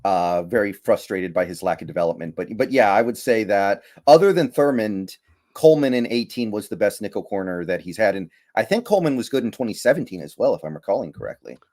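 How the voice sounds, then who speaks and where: Male podcast co-host, slightly low voice, measured delivery. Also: animated, darkish tone. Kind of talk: casual sports chat.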